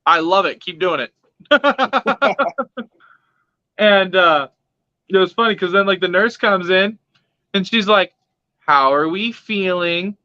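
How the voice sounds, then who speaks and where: Bright-voiced profane young man storytelling. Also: high voice, slow pace, long pauses, no echo. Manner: profane, laughing, animated retelling with quoted voices. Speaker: pet vlogger. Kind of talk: casual storytelling. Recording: dull lo-fi sound.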